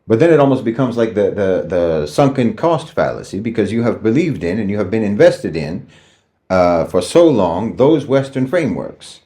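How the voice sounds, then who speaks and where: Mellow man lecturing the listener. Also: lowish voice, sing-song. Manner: measured, lecturing, addresses listener directly. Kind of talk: lecturing monologue.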